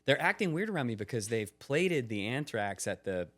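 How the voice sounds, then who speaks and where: A man in his forties, a podcast guest, telling a story in casual chat, acting out quoted lines with bursts of energy. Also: moderate pace. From United States. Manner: animated, acts out quotes with rising pitch.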